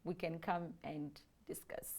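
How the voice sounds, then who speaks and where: A woman's voice: low-pitched, unhurried. A woman from Namibia with a Namibian accent, co-hosting a morning TV show in casual chat. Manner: animated, chatty.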